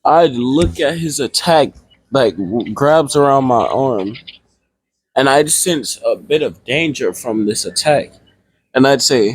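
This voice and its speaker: A man's voice: medium pitch, animated, slow pace, slightly rough, dry recording. A man improvising a role-play fight story in a rambling, casual way, with swearing, in a noisy recording.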